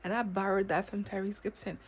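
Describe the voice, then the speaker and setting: A woman vlogging a reflective self-talk monologue, rambling with lots of fillers and breaking into sudden high exclamations. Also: little pitch movement, fairly quick, breathy edge. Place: eating ice cream while filming herself.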